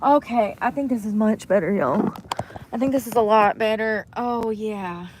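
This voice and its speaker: A young woman, chatting casually to camera from inside a vehicle, often dropping to soft mutters. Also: mid-range voice, normal speed, background noise. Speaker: vlogger. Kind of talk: casual vlog talk to camera. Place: inside a vehicle bed at night.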